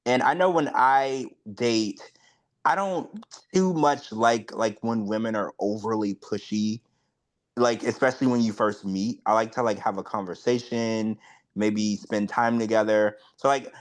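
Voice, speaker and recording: A man's voice: on the low side, unhurried. Man, podcast co-host, casual chat, frank, filler-heavy delivery. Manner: chatty, heavy use of "like", frank and blunt.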